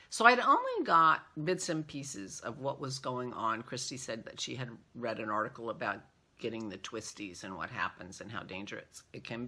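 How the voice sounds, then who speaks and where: A middle-aged woman hosting a casual vlog, rambling warmly with many fillers and small laughs. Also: very deep voice, gravelly. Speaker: podcast host.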